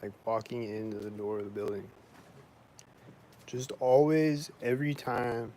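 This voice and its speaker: A man's voice: medium pitch, flat delivery, unhurried, warm tone, a little hiss or hum, poor audio. Rambling, indignant man on a vlog. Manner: rambling, heavy use of "like", frequent swearing; indignant, complaining. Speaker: vlogger. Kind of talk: casual rambling monologue.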